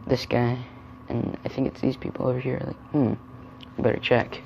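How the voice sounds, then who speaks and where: Storytime reader, male, gentle and chatty; muffled recording with faint hiss. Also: mid-range voice, completely flat delivery, a little fast, vocal fry. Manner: gentle, chatty asides about the pictures. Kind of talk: reading a children's picture book aloud.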